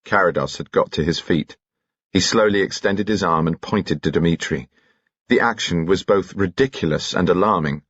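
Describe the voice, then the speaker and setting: A man narrating a detective novel as an audiobook, in an even, composed manner. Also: extremely low pitch, normal speed, breathy edge, dry recording, muffled recording.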